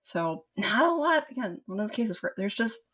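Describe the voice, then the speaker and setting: A woman from the American South co-hosts a podcast, rambling through a casual film chat full of fillers and restarts. Her medium-pitched, fairly bright voice has a breathy edge and big pitch swings, at a normal speed.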